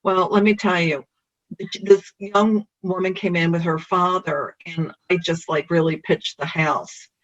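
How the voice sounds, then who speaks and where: A realtor telling a personal story in an animated way, the pitch jumping up for emphasis. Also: a little slow. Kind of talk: personal anecdote. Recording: dull lo-fi recording.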